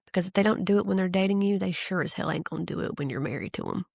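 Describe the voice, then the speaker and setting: Gravelly-voiced woman podcast host, chatty. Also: fairly low pitch, racing, no echo, studio quality. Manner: chatty, giggly, animated storyteller. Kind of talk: casual solo podcast chat.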